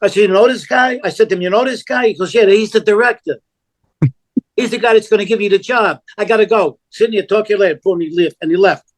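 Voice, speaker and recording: Older New man with a high voice. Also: fast. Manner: animated, acts out quoted dialogue, blunt and profane. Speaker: podcast guest. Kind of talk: casual storytelling.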